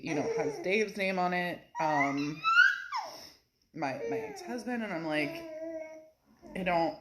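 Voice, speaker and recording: A woman talks to her viewers in a casual home vlog, chatty and animated, laughing between words. Her voice sits low. Steady background noise and small clicks run under the recording. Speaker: vlogger and physical therapist. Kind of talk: casual talking-to-camera vlog. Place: home kitchen, feeding a pet.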